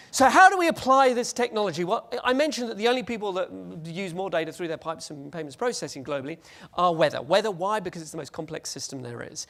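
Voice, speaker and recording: Animated man giving a conference talk. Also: high voice. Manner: animated, jokey, acts out scenes. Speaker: conference speaker. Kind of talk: conference presentation.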